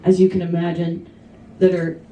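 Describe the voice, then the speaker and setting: A woman's voice: on the low side, completely flat delivery, normal speed, distant mic, dull audio. A woman doing a stand-up comedy set in a bar, telling an indignant, profane story. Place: kava bar comedy night, indoors. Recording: echoey bar audio from afar, faint hum.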